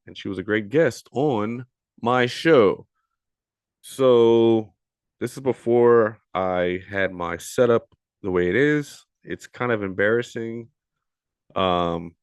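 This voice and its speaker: Man, 30s, podcast host, low voice, rambling, profane, giggly, self-deprecating, dry close sound. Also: clear, resonant tone, dry recording. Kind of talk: casual solo intro.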